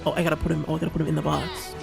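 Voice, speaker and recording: A young man streams a game, his slightly high voice monotone, racing and marked by vocal fry. His casual commentary rambles with constant restarts and plenty of "like" and "you know," while game music plays behind him.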